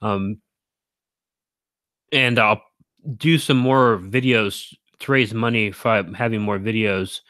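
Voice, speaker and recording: A man's voice: fairly low pitch, slow pace, pauses often, sharp tone, no room sound. A man streaming to his viewers in casual livestream chat, rambling and correcting himself, with frequent chuckles.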